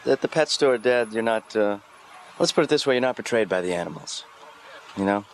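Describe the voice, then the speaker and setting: A sardonic, drifting son in an animated comedy. He mumbles dryly in a lowish voice, with a faint hiss behind him. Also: brisk. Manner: droll, mumbling monotone. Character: sardonic, aimless young adult son.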